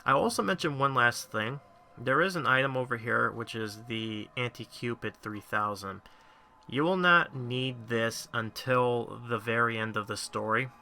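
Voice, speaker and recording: A man's voice: mid-range voice, measured pace, vocal fry, bright, forceful tone. A man hosting a gaming channel, giving a chatty, rambling walkthrough of a mobile game's crafting and thinking aloud as he goes. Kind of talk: casual game guide commentary.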